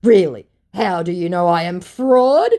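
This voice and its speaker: A woman's voice: expressive, a little slow, dark tone. A woman mocking a whiny young scammer. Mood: defensive. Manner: high, exaggerated mocking imitation. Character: pushy young male online scammer, clumsy and whiny.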